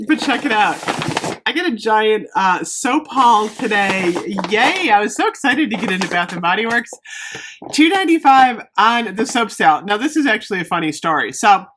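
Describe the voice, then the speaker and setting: A woman vlogger chatting casually and excitedly as she shows off a shopping haul. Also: on the high side. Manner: bubbly, excitable, gushing. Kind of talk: casual haul video chat.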